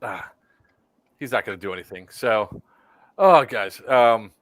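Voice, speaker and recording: A man's voice: on the low side, animated, measured pace, a bit bright, no echo. A man co-hosting a casual group stream, talking in long rambling turns with many fillers and restarts. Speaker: podcast co-host.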